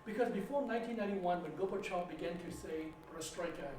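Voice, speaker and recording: A man giving a church lecture with slides, telling stories and anecdotes in an animated way. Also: sits high, fast. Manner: anecdotal, animated storytelling with asides. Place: church hall. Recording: echoey hall, distant mic, faint noise.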